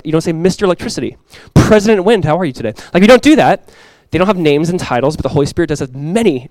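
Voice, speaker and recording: Youngish guy pastor preaching, kinda high voice, chatty and animated, dry close sound. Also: dry recording. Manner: conversational, animated preaching with quick asides. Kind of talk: sermon.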